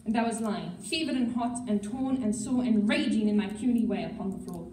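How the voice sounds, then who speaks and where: A woman reading a novel aloud at a school assembly, steady with an occasional slip. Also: mid-range voice, a little fast, a little hiss or hum. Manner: steady storytelling with occasional slips. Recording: echoey hall, mic far off.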